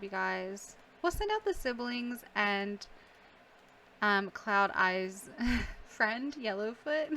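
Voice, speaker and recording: A young woman gaming YouTuber gives casual let's-play commentary, reacting emotionally with gasps, sighs and laughs. Her medium-pitched voice is bright and forceful, with a little hiss or hum in the background.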